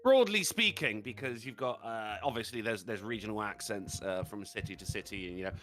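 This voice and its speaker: A man in casual podcast chat, excitable, joking and swearing a lot. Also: lowish voice, brisk, a little hiss or hum. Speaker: podcast co-host.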